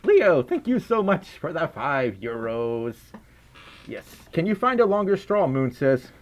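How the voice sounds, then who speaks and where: Giggly Southern-accented man with a lively pitch. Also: measured pace. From Mississippi, US South. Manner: silly, giggly, reads donations aloud. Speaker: livestream host. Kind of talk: casual livestream chat. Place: indoors at home, wearing a fursuit head.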